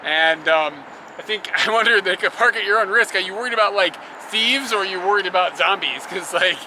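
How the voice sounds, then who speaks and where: A slightly high-voiced man chats loosely on a travel vlog, rambling from one thought to the next and laughing often. He's outdoors with traffic and street noise clearly audible around him. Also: a little fast, pushed and bright, low-quality recording. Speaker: travel vlogger. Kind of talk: casual travel chat. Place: outdoors on a motorbike trip.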